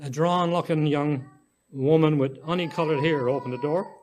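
Gentle male story reader. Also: fairly high pitch, a little hiss or hum. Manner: gentle, unhurried reading with small slips and restarts. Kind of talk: reading a short story aloud.

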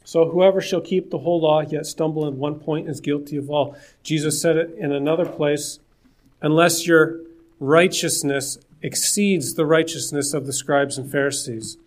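A man preaching a sermon, with a voice that sits a little high for a man. He talks in an earnest, conversational way and breaks off for jokes and asides to the listeners.

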